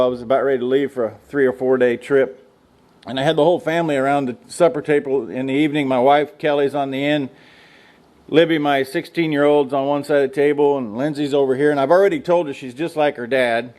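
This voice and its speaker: A middle-aged man from the United States tells ranch stories to a room of students in a folksy, joking way. His voice sits a little high for a man. He speaks as a guest speaker in a lecture room. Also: darkish tone. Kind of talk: storytelling talk to students.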